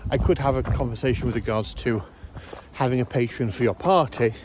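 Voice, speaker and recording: Male vlogger, medium voice, hesitant and self-correcting, chatting casually outdoors with soft background ambience. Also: mid-range voice, a little fast, a little hiss or hum. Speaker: YouTube host. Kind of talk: casual rambling commentary.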